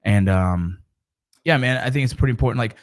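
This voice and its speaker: A man's voice: mid-range voice, a little fast. A middle-aged man and father talking casually to camera about mentoring, in a rambling, conversational way with frequent restarts.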